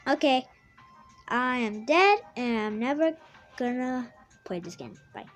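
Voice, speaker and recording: A young woman giving excitable gameplay commentary, gasping and exclaiming at what happens in the game. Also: on the high side, a little slow, long pauses, soft background music, low-quality recording. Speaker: gaming YouTuber.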